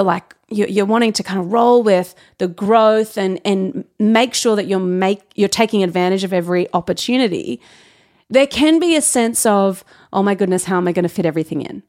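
A woman hosting her own business podcast. She talks casually and candidly, with quick asides and self-corrections. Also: a little high, a little mellow. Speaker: podcast host. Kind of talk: casual solo podcast talk.

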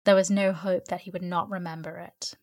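Woman narrator, sleep story, low voice, even storytelling pace. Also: a little fast. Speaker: audiobook narrator. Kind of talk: bedtime sleep story reading.

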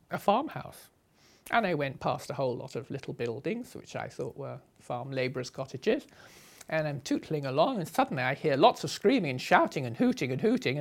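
An older woman from Sussex, chatting through memories of her travels with frequent laughs. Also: low voice. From England (Sussex). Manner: chatty, anecdotal, laughs often between phrases. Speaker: traveller recounting her journey. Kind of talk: conversational travel memoir.

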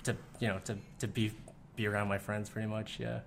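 A young man talking candidly as an interview guest, relaxed, with many fillers. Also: on the low side, a little fast, gravelly, slight background noise. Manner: laid-back, lots of fillers, frequent "like". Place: room in the Philippines.

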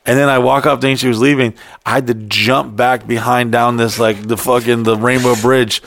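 A young man with a gravelly, creaky voice spins a rambling, profane anecdote on a podcast. He talks casually into a close mic in a dry room. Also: medium pitch, moderate pace, no echo. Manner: profane, animated anecdote-telling. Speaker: podcast co-host. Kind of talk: casual storytelling chat.

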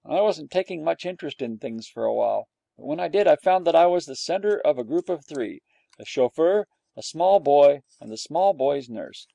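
A man with a gravelly voice reading a storybook aloud in a dry, wry first-person telling. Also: fairly high pitch, lively intonation, normal speed, mellow, dry recording. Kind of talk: storybook narration.

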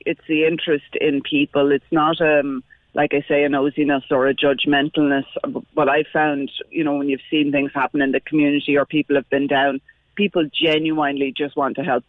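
A woman's voice: low voice, no room sound. A woman calling in to a radio show, earnest and enthusiastic. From Ireland, Dublin. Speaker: radio caller. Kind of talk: phone-in chat. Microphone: phone. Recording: tinny phone line.

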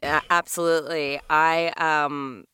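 Bright, crisp-voiced woman voice actor. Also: low voice, unhurried, dry recording. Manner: animated, acts out sounds and lines while explaining. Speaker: voice actor guest. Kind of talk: casual podcast chat.

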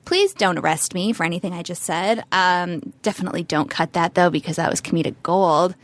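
Woman podcast host, casual chat, animated, jokey, some swearing. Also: lowish voice, a little fast, hardly any pauses, dry recording.

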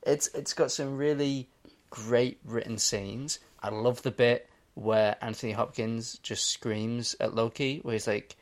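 A man's voice: medium pitch, fairly even intonation, measured pace. A man co-hosting a casual podcast chat, teasing his co-host and laughing often.

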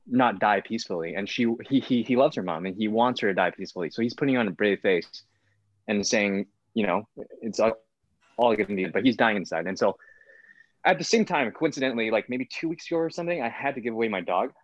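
A man's voice: on the low side, fast, no echo. A man, an actor, talking casually in an interview, rambling with many fillers. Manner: rambling, full of fillers like "like" and "whatnot". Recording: dull, lo-fi sound.

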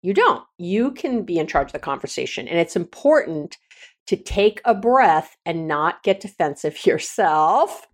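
A middle-aged woman with a slightly low voice talks through advice in a loose, unscripted way. She is blunt and plain-spoken, and she often stops mid-phrase, restarts and repeats herself as she works out examples. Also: very animated, a little slow. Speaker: podcast host and counselor. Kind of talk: casual advice talk.

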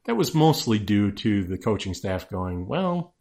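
Guest analyst, male, lower register, measured and dryly funny, lots of restarts. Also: expressive, darkish tone. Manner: analytical, hesitant restarts, dry jokes. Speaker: sports-knowledgeable guest. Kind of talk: casual podcast chat.

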